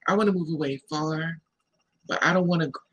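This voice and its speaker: A man in casual livestream chat, teasing and laid-back, reading text aloud haltingly. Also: fairly high pitch, fairly bright tone, slightly rough, low-quality recording.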